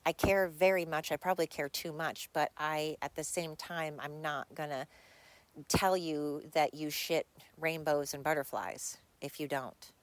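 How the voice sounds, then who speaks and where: A woman's voice: low-pitched, steady tone, measured pace, dry recording. A woman hosting her own podcast, talking bluntly and candidly in a rambling solo monologue. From United States. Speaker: podcast host.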